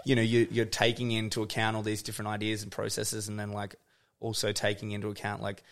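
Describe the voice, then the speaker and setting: Low-voiced chatty man. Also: monotone, fast. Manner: loose and chatty, with many "like" fillers. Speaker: podcast guest. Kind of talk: casual chat.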